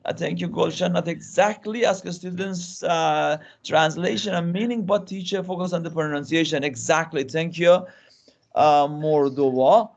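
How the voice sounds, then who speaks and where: A man's voice: on the high side, normal speed, creaky. A man giving an online lecture to teachers, talking interactively and often restarting and repeating words. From Iran. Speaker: guest lecturer. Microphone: video call.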